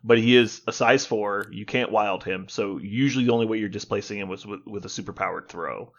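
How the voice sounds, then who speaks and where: A man's voice: lowish voice, fairly quick, dull audio. A man co-hosting a podcast in casual gaming chat, explaining at length, swearing and laughing as he talks. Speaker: podcast co-host.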